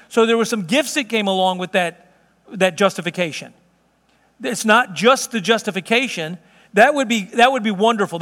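High-voiced preaching man, echoey hall. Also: fairly bright tone. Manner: earnest, conversational preaching with vivid storytelling. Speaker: pastor. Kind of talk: sermon.

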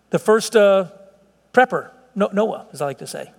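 Brief: middle-aged male pastor, high-pitched, earnest and chatty, church hall with long echo. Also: expressive, moderate pace, creaky. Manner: earnest, conversational preaching with frequent restarts and chuckles. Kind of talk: sermon.

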